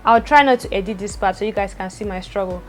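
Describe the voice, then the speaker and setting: A young woman vlogger, talking fast to the camera, stuttering and repeating words as she goes. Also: medium pitch, soft background music. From Nigeria. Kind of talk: personal talk to camera.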